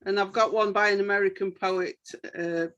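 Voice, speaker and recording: A woman's voice: mid-range voice, steady tone, normal speed, a bit bright, no echo, lo-fi sound. A woman on a video call, chatting modestly and reading short poems aloud. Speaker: guest poet. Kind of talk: casual chat and poetry reading.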